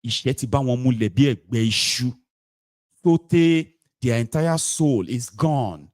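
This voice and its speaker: A man with a Nigerian accent delivers scornful political commentary at a mid pitch, recorded dry and close with no room sound. He mocks as he goes and slides between English, Pidgin and Yoruba. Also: lively intonation, measured pace, a little mellow, dry recording. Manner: sarcastic, mocking, mixes English, Pidgin and Yoruba.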